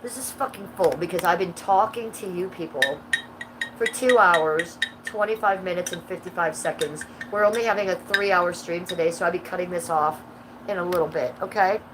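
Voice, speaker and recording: Woman, 50s, streamer, rambling and profane, lowish voice, noisy background. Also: moderate pace. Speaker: livestreamer. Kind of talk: casual livestream chat. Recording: steady background noise.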